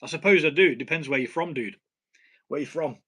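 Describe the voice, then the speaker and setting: British male home-brew streamer, casual and blunt, fairly high, bright voice. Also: brisk. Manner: blunt, swears casually, laughs at himself. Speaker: home brewing channel host. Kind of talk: casual live stream chat.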